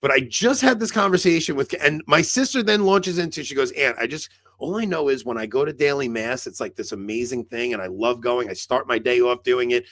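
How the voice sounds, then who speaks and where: A man's voice: mid-range voice, brisk, few pauses, fairly bright tone, dry recording. Chatty man telling a rambling story. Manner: rambling storyteller, heavy on "like" fillers, acts out quoted dialogue. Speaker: podcast co-host. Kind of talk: casual chat.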